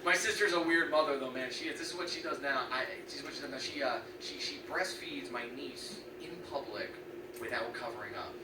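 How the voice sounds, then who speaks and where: A man's voice: medium pitch, a little fast. A young man performing a stand-up comedy set, telling stories and acting out the voices of people in them. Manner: animated storytelling, acting out quoted voices. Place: comedy venue with a live audience. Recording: echoey room, distant mic, loud background noise.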